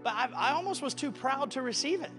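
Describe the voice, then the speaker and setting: Animated high-voiced male preacher. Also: fast, long reverb tail, over music. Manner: animated storytelling, rising to near-shouting at peaks. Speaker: pastor. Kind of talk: sermon.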